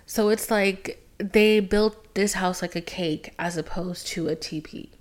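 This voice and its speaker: Young woman, podcast host, casual dramatic storyteller, drops swear words, swings from loud to whispered asides. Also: mid-range voice, steady tone, a little slow. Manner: swears freely.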